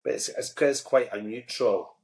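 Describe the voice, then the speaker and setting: A Scottish man, an actor guest, chatting in a relaxed way and telling stories with humor. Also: medium pitch, normal speed, echoey room. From Scotland. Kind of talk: casual interview chat.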